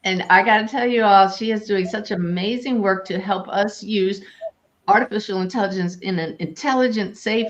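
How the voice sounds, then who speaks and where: A woman hosting a spiritual question-and-answer talk as a medium, chatting in a lively way and laughing easily. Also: mid-range voice, highs cut off. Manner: warm, animated, laughs easily. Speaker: host and medium.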